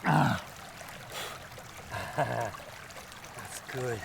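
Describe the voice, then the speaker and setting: A man in his sixties telling his story in an earnest, reflective way, slowing down to stress his words. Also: medium pitch, gravelly, background noise. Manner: earnest, slow, emphatic. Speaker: adventurer recounting a long walk.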